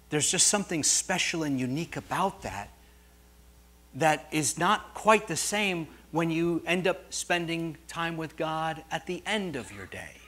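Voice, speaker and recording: A middle-aged male pastor preaching to his congregation in a storytelling way. He wanders off on tangents and trades light jokes with the room. His voice climbs high and loud at emotional peaks, then drops to soft, low asides. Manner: storytelling, digressive, swings from quiet to loud. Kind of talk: sermon.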